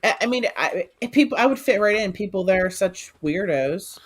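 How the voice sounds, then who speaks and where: A woman's voice: medium pitch, expressive, moderate pace. Playful woman co-hosting a live stream. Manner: playful, laughing, keeps urging viewers on. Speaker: co-host of a live resale stream. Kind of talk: casual live-stream chat.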